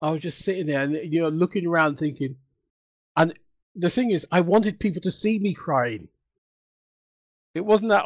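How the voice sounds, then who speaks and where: A man as a guest in a casual interview, telling stories in an animated, emotional way and acting out what people said. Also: sits high, moderate pace, breathy edge, dry recording, lo-fi sound. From United Kingdom. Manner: animated, emotional storytelling with acted-out quotes.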